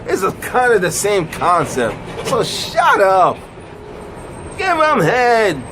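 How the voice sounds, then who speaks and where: Man ranting with swooping high pitch. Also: noisy background. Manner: animated, swooping pitch, drawn-out emphatic phrases. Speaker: vlogger. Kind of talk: blunt comic rant.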